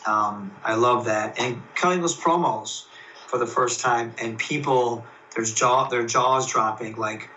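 Excitable man, bright voice, a bit distant. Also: mid-range voice, a little slow, lo-fi sound, slight background noise. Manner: excitable, rambling, frequent fillers and restarts. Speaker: professional wrestler, guest. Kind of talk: casual interview storytelling.

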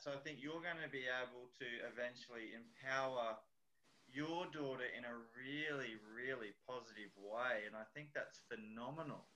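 A man's voice: mid-range voice, poor audio. Laid-back man podcast host. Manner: relaxed, rambling, with fillers. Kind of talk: casual chat.

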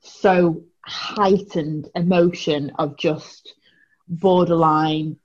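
A woman's voice: low-pitched, fairly even intonation, extremely slow, a little mellow. A woman, a guest on a podcast, chatting casually and often searching for words. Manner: rambling, searches for words, laughs. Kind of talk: casual chat. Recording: dull lo-fi sound.

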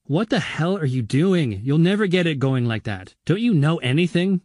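Gruff, curt survivor man, voiced by a narrator, middle pitch, brooding temper. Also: expressive, unhurried, a little mellow, no echo, studio quality, natural voice. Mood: scolding. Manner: curt, scolding.

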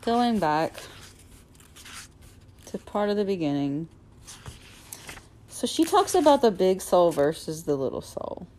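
A woman podcast host reading aloud from a self-help book and reflecting on it, earnest and unhurried, with the odd um and restart. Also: on the low side, sing-song, a little mellow, a little hiss or hum.

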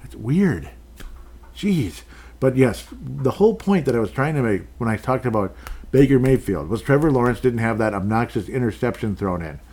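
A man hosting a solo sports podcast, rambling through game recaps, correcting himself and laughing at his own slips, his voice rising high and loud when he rants. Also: lively intonation, normal speed, husky. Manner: gets loud and high-pitched when ranting. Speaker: podcast host.

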